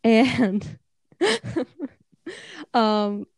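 A woman's voice: fairly high pitch, animated, extremely slow, darkish tone, husky, no room sound. A young woman in her twenties co-hosting a podcast, telling stories playfully with frequent laughter. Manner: playful, laughing, teasing storyteller. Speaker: podcast co-host. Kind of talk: casual chat.

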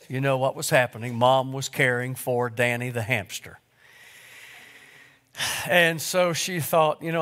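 A middle-aged man preaching a sermon, telling stories with repeated words and pauses. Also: a little high, a bit bright. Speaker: pastor. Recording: long hall reverb.

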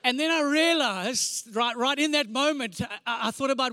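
A man in his forties, a pastor preaching with animated, comic storytelling, sound effects and repeated phrases. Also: very high-pitched, moderate pace, dry recording, studio quality. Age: 40s. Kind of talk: storytelling sermon.

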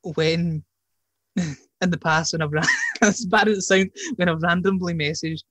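A man's voice: fairly high pitch, steady tone, unhurried, a bit bright, no echo. A young man hosting a podcast in casual chat, slangy and teasing, often breaking into laughter. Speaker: podcast host.

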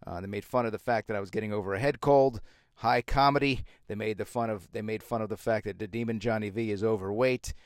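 A man's voice: on the low side, steady tone, quick pace, no room sound, studio quality. A man hosting his own show, talking in a casual, rambling monologue, sarcastic and full of restarts. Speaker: radio show host.

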